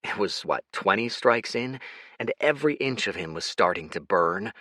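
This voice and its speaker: A man narrates an action audiobook in a lowish voice that swings widely in pitch. His tone is bright and forward, and the studio sound is dry and close. His reading is dramatic and animated throughout. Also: moderate pace, no echo.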